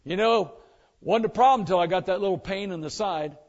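Man, preacher, sermon, high voice, animated, joking, dull lo-fi sound. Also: fairly quick. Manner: animated, joking, mimics complainers. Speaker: pastor.

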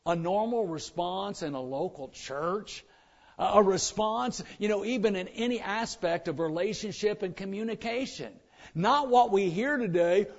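A high-voiced man with a drawl preaches with lively, joking energy, slipping into mocking voices of complainers. The recording sounds a bit dull and lo-fi. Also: normal speed. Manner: animated, joking, mimics complainers. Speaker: pastor. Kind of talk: sermon.

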